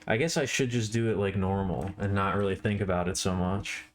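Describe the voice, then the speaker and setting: A tired man chatting casually on a live art stream, with a slow, drowsy, stoner-like drawl. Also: low voice, fairly even intonation.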